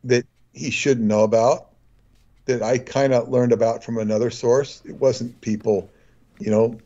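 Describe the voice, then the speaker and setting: A man's voice: mid-range voice, steady tone, measured pace, warm tone, lo-fi sound. A man talking as a guest in casual chat, telling long rambling anecdotes.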